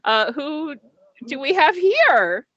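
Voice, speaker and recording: A woman's voice: sits high, very animated, slow pace, fairly bright tone, dry recording, highs cut off, pitched above the performer's own voice, exaggerated voice. A woman voicing a laid-back young male ship attendant who talks in a casual, slangy and slightly flustered way. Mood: polite.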